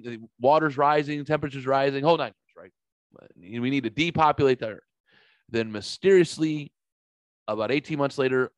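A man hosting a casual podcast, telling stories in a lively, profane way and acting out the quotes. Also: medium pitch, clear, resonant tone, dry recording. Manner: animated, profane, acts out quotes. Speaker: podcast host. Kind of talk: casual storytelling chat.

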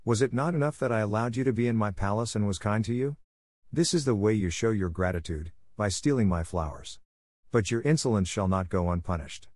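A stern beast master of an enchanted palace, grim and commanding in every word, as a male narrator puts him on. The voice sits low and is recorded dry and close, with no room around it. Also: expressive, fairly quick, darkish tone, no room sound, close to an everyday voice. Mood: furious. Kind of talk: audiobook character reading.

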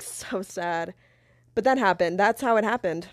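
A young woman hosting a podcast, telling a personal story in a candid, animated way, swearing and laughing between many fillers. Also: mid-range voice, measured pace, no echo, studio quality. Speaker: podcast host.

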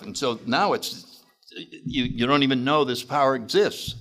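A man speaking at a recovery meeting, telling stories in an animated way and acting out voices. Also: medium pitch, moderate pace. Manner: animated, acts out voices, laughs often. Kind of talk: recovery talk storytelling.

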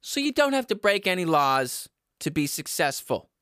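Young male podcast host, loud ranting delivery, bright forceful tone, close dry mic. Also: fairly high pitch, sing-song, normal speed, no echo. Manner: loud and yelling, rambling. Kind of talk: ranting comedy monologue. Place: home basement. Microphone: studio microphone.

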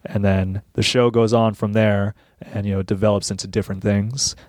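A man's voice: lowish voice, little pitch movement, moderate pace, darkish tone, no room sound, studio quality. A man co-hosting a podcast, chatting casually in a laid-back, rambling way with lots of ums. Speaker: podcast co-host, comedian. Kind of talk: casual chat.

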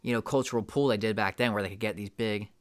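A man's voice: lowish voice, steady tone, fast talker, smooth. A young man chatting casually as a podcast co-host, laid-back and swearing freely. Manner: laid-back, swears, says dude a lot. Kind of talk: casual chat.

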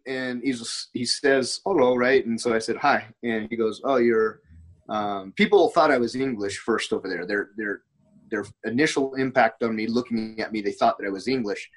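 A man's voice: medium pitch, a bit bright, poor audio. An American man in casual conversation, telling rambling anecdotes full of quoted dialogue and restarts. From United States.

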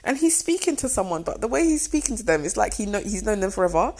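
A young woman casually telling a personal story, lively and full of fillers, often jumping into a squealing high voice to act out what was said. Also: quick pace, slightly rough. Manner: animated, many fillers, acts out quotes in a squealing high voice. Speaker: storyteller recounting her proposal.

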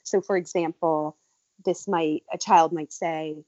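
A woman's voice: on the low side, normal speed, a little mellow, no room sound. A woman expert talking conversationally about children's fear of public speaking. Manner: conversational, uses fillers like "you know". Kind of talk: interview answers. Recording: dry, dull lo-fi audio.

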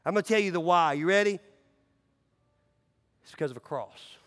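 A pastor with a high-pitched voice preaches to his church, casual and conversational, dropping into near-hushed lows and then surging back loud and emphatic. His voice rings out with a long reverb tail, as in a big sanctuary. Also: moderate pace. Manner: swings between loud emphatic runs and hushed low drops. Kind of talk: sermon.

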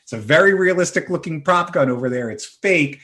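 A podcast host in his thirties tells self-mocking stories during a casual chat. His voice is a little high and brisk, and he tells the stories in an animated way.

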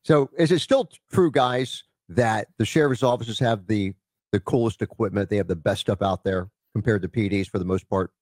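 A man's voice: fairly low pitch, normal speed, darkish tone, no echo, clean studio sound. A man hosting a law enforcement talk show, reading a news story aloud and adding loose, casual asides. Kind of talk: casual roundtable discussion.

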